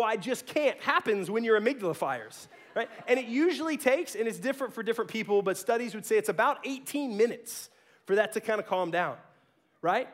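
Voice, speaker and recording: A man preaching a sermon in a casual, animated way, often asking "right?" to keep listeners with him. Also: high voice. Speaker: pastor.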